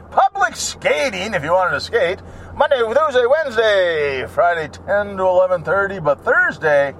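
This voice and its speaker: Man, driving vlog, rambling sarcastic rants, high animated voice, faint road noise behind. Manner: ranting, sarcastic, drifts between topics, swears. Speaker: vlogger. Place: in a car while driving.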